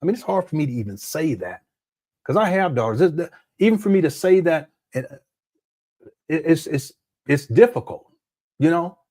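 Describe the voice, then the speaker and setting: A man's voice: fairly high pitch, lively intonation, moderate pace, pauses often, a little mellow. A man hosting a live commentary show, talking in an emphatic, conversational way with many repeats. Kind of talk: livestream commentary.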